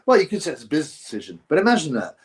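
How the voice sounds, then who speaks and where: A man's voice: on the high side, huge pitch swings, rapid-fire. A man hosting a casual boxing live stream, reading viewer comments in a rambling, mocking way with bits of mimicry.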